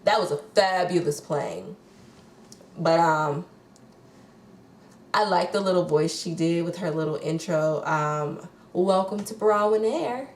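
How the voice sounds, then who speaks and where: A woman's voice: low-pitched, steady tone, takes it slowly, long pauses, roomy sound. A woman recapping reality TV casually, sassy and blunt, swearing freely. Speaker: reality TV reviewer.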